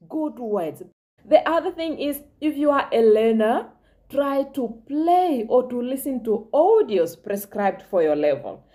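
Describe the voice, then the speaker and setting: A woman's voice: fairly high pitch, warm tone. A woman giving an English lesson in a chatty, encouraging way, speaking directly to the viewer. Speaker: English teacher. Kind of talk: casual spoken lesson giving tips.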